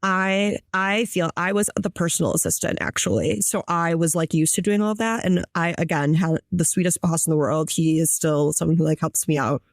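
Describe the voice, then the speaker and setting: Lively woman co-host chatting. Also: lowish voice, normal speed, hardly any pauses, no room sound, clean studio sound. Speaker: podcast co-host. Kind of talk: casual conversational storytelling.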